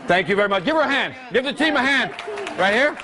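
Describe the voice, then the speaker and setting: A male workshop presenter teaching a live seminar, energetic and constantly quizzing his audience with questions. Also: very high voice, quick pace, over a noisy crowd, heavy background noise.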